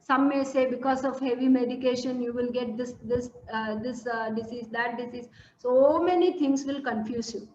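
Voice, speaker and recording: A woman's voice: on the high side, steady tone, normal speed, a little mellow, a little hiss or hum. A woman giving an earnest, coaxing mental health talk on an online call, repeating her points with many fillers. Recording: echoey room, dull lo-fi audio.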